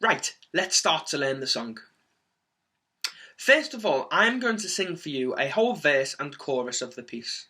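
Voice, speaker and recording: A man leading a children's singing lesson, speaking clearly and encouragingly with lots of energy. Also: a little high, very animated, a little slow, sharp tone. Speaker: music teacher.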